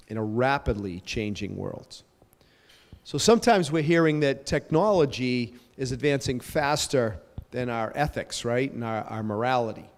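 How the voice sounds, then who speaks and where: Man, parish pastor, casual rambling welcome, fillers, jokes at himself, long hall reverb. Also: medium pitch. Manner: chatty, rambling, self-joking, with frequent fillers. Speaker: parish pastor hosting a panel. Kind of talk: welcoming remarks to a parish gathering.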